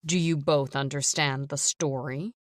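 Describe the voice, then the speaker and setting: A woman's voice: low-pitched, steady tone, measured pace, no room sound, clean studio sound. A woman reading an audiobook, voicing a cold, stern, controlling man who gives orders. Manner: stern, commanding.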